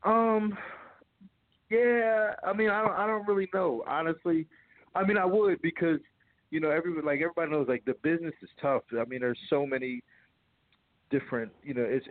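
A man talking as an interview guest, rambling and animated, laughing often. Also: medium pitch, no room sound. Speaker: guest, former fighter and actor. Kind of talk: casual phone interview. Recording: tinny phone line, dry.

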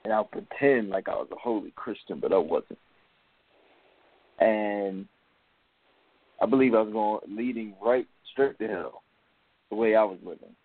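A man co-hosting a faith talk show, speaking in a reflective, earnest and halting way. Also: lowish voice, no room sound. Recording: dry phone-like lo-fi audio.

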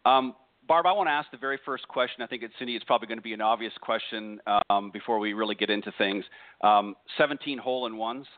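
A man hosting a radio interview, loose and halting with many restarts. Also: medium pitch, no room sound. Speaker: radio show host. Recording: tinny phone-quality line.

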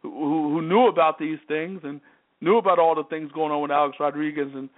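A man's voice: on the high side, fairly even intonation, brisk. A man hosting a sports talk show, delivering an emphatic, repetitive monologue that keeps hammering the same phrases. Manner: repetitive, emphatic, worked-up commentary. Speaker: sports radio host. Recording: tinny phone-line audio.

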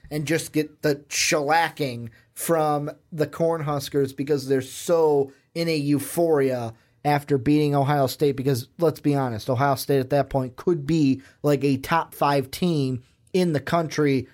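A man co-hosting a sports podcast in casual chat. His voice sits fairly high for a man. He keeps the tone animated and joking and speaks straight to the audience. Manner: animated, joking, addresses viewers directly. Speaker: podcast co-host.

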